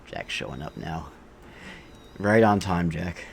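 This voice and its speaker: Male streamer, very deep voice, rambling offhand commentary while he plays. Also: lively intonation, takes it slowly, creaky, slight background noise. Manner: rambling, offhand, thinks aloud with frequent fillers. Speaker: game streamer. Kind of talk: casual live-stream game commentary.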